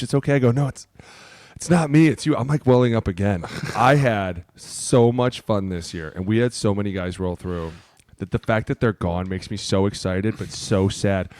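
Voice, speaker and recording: Male co-host, casual chat, animated and profane storyteller, somewhat low voice, dry close mic. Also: no echo. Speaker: podcast co-host.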